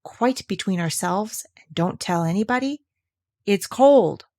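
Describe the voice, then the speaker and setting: A woman's voice: mid-range voice, animated, unhurried, dark tone, no echo, clean studio sound. A woman reading a storybook aloud and voicing a gloomy, self-pitying old male donkey who grumbles and mopes. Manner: mopey, grumbling complaint.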